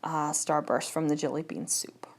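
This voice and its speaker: Here a scrapbooking vlogger offers laid-back voice-over commentary on her craft, thinking out loud throughout. She speaks at a normal speed in a deep, steady tone.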